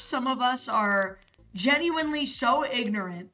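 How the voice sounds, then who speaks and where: A young American woman chats on a live stream, rambling and swearing freely with plenty of fillers. Her voice is bright and a little high, with soft music playing behind her. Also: moderate pace. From United States. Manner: rambling, profane, filler-heavy. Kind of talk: casual live-stream chat. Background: faint music.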